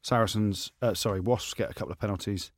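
A low-pitched man in casual podcast banter, teasing his co-hosts and shooting up in pitch when he can't believe what he hears. The sound is dry and close, with no room around it. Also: fast, no echo. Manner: animated, teasing banter, rising high when incredulous. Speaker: podcast co-host, former rugby player. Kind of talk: casual chat.

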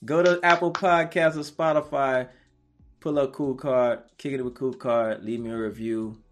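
A man's voice: medium pitch, steady tone, moderate pace, soft background music. Encouraging man hosting a podcast. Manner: encouraging, preacher-like repetition. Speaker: podcast host. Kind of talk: casual interview chat.

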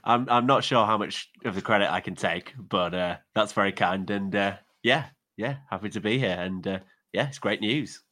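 A man from England co-hosts a casual sports podcast as a football analyst, chatting in a self-deprecating way full of restarts. His lowish voice is bright and forceful, and he speaks at normal speed with hardly any pauses.

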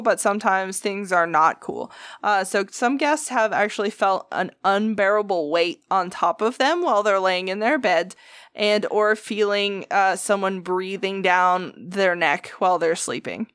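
A woman's voice: medium pitch, moderate pace, fairly bright tone, no room sound, studio quality. Playful woman podcast co-host. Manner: playful, joking, laughs often. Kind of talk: casual chat.

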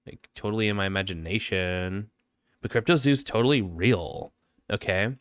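A man's voice: on the low side, normal speed, a bit bright, clean tone, no echo, clean studio sound, natural voice. A man putting on a smug, valley-girl-talking parody of a male influencer, drawing out every 'like, totally'. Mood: smug, mocking.

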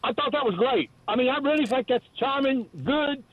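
A man's voice: extremely high pitch, fairly quick. A man calling in to a sports radio show, rambling and jokey, stammering over his words, heard on a tinny phone line. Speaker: regular caller. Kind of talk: call-in chat.

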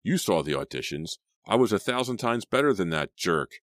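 Male narrator doing a bitter teen boy, very deep, sullen. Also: sing-song, moderate pace, no room sound, studio quality. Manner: sullen, resentful. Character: bitter, moody teenage boy.

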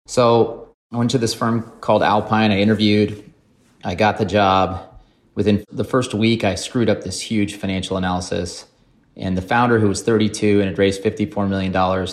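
A man in his forties tells his career story on a podcast in a relaxed, self-deprecating way. His voice sits low and deep. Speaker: podcast guest. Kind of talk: casual storytelling.

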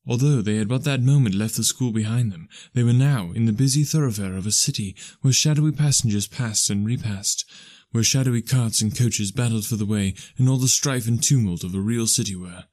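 Male audiobook narrator, mid-pitched, steady measured reading, dry close sound. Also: dry recording. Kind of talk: scripted storybook narration.

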